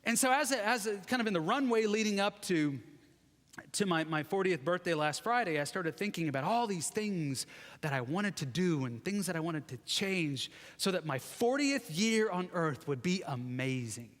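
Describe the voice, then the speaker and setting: A guest preacher, a man in his forties with a high-pitched, somewhat bright voice, delivers a loose, conversational sermon at a moderate, expressive pace. He teases himself and jokes with the congregation, and his words carry the long reverb of a large church sanctuary.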